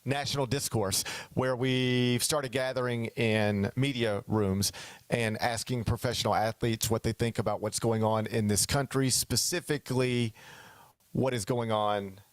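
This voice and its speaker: A man's voice: mid-range voice, steady tone, a little slow. A male sports talk host with a mid-range voice chats casually and with energy. He keeps slipping into mock quotes of other people. The sound is dry and close, with no room echo.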